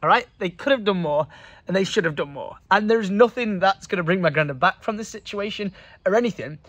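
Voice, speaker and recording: A man's voice: high-pitched, expressive, brisk, fairly bright tone, no echo. A young man, talking casually and emotionally to camera in a vlog, earnest and full of fillers. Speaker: vlogger.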